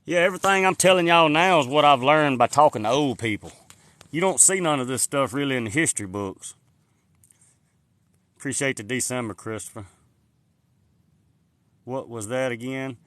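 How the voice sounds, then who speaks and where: A man's voice: mid-range voice, moderate pace, long pauses, a bit bright, no room sound. Folksy man live-streaming outdoors. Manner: rambling, folksy, answers viewer comments. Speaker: livestreamer. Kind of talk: casual live-stream chat. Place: outdoors in the woods. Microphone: phone held in hand.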